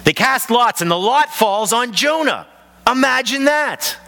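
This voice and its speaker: Bright-voiced pastor in a reverberant hall. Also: male voice, very high voice, unhurried. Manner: animated storytelling, acts out voices. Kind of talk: sermon. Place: large church hall.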